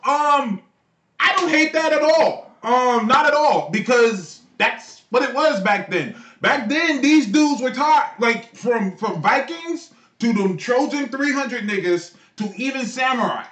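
A man co-hosting a podcast, telling a story in an animated, slangy way and laughing often. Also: extremely high pitch, unhurried, recorded from a distance. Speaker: podcast co-host. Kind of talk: casual chat. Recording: echoey room, off-mic, faint noise.

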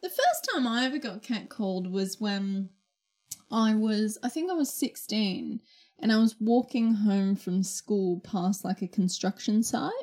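A woman's voice: mid-range voice, unhurried. A young adult woman, chatting casually and exclaiming often as she tells stories. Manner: chatty, exclamatory, lively storytelling. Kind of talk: casual chat.

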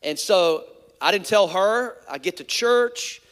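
A man's voice: high voice, expressive, slow, fairly bright tone, long reverb tail. A man, a pastor, telling a personal story in a sermon, candid and conversational with many asides.

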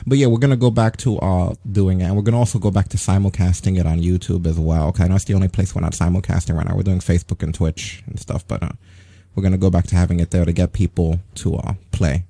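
Brief: male stream host, dark husky voice, easygoing chatter, dry close sound. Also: deep voice, quick pace, no room sound. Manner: relaxed, chatty, laughs often. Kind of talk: casual wrestling news chat.

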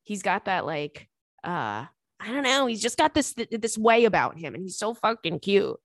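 Young woman, podcast host, casual chat, profane, animated, medium pitch, dry room. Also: normal speed, no echo. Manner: animated, profane, laughs often.

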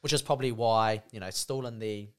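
A man's voice: fairly low pitch, steady tone, fairly quick, a bit bright, smooth. A man with a New Zealand accent, co-hosting a casual, laid-back chat and often saying "bro" and "you know".

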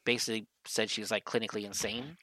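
A podcast co-host with a lowish, level voice talks fast in a bright, forceful tone as he rambles through a story in casual conversation, filling his sentences with "like."

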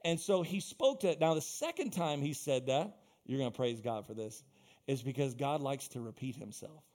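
A man's voice: mid-range voice, animated, moderate pace, a little mellow. A male pastor preaching a sermon in a church, building into fervent, repetitive exhortation.

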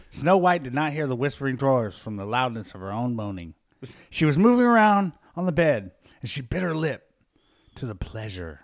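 Man doing a lively comic read-aloud. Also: medium pitch, normal speed, no room sound, studio quality. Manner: casual, crude, joking asides. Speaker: podcast host reading a story aloud. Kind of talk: comic dramatic reading.

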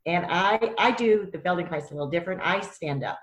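A woman, a guest, talking casually and hesitantly, often pausing on fillers. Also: low voice, echoey room, muffled recording. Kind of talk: casual podcast talk.

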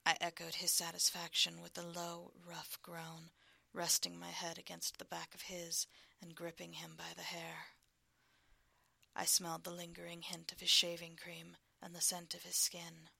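A woman narrating a story as whispered role-play, hushed and slow. Her voice is low and gravelly with a crisp, bright edge. The recording is close and dry. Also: no room sound.

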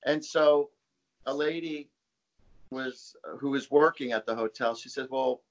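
A man's voice: medium pitch, unhurried, dull audio. A man, a psychic guest, telling stories casually in an interview, rambling with many fillers and repeated words.

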